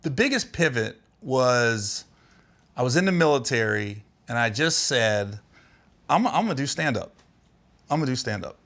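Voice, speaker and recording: Animated bright-voiced comedian from Ohio. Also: male voice, mid-range voice, moderate pace. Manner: animated storyteller, laughing through anecdotes. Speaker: comedian guest. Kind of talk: casual podcast chat.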